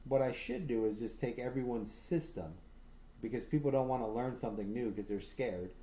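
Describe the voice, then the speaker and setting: The livestream host here has a mellow, medium-pitched voice and a moderate pace. In casual chat he swears a great deal, restarts and fills his sentences constantly, and eagerly brags through his stories.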